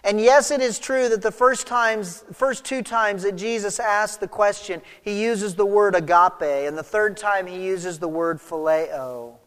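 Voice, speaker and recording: A male pastor delivers a sermon in a fairly high voice, dropping soft and then pressing hard for emphasis. He speaks in a church, and his words trail off into a long hall reverb. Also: unhurried, few pauses, smooth. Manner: expressive, swings between soft and emphatic.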